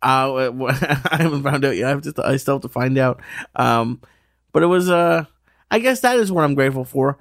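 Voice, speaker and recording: A man's voice: mid-range voice, brisk, fairly bright tone, dry recording. A young man with a mid-range voice co-hosts a podcast in casual chat. He speaks hesitantly, often restarting his sentences. The sound is dry and close. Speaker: podcast co-host.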